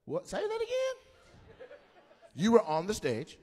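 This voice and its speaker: A man doing live stand-up crowd work, teasing audience members in an animated way with loud bursts. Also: sits high, slow, slight background noise. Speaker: stand-up comedian.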